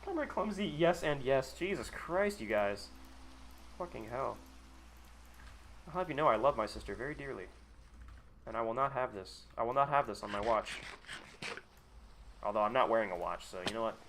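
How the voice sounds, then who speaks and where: A man's voice: medium pitch, lively intonation, moderate pace, pauses often, fairly bright tone, a little hiss or hum. A man talking casually to his chat on a live gaming stream, rambling, sarcastic and freely profane.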